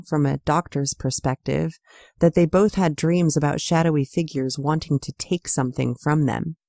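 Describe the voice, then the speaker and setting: A woman narrating her own novel as an audiobook, reading the dialogue softly and evenly. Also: low-pitched, vocal fry, no echo, studio quality.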